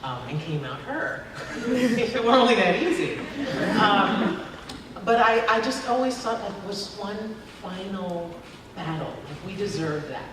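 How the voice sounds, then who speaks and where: A woman's voice: mid-range voice, animated, measured pace, crowd noise. A woman as an actress answering questions at a convention panel, chatty and laughing often, with many fillers. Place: large convention hall. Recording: echoey hall from far off, noisy.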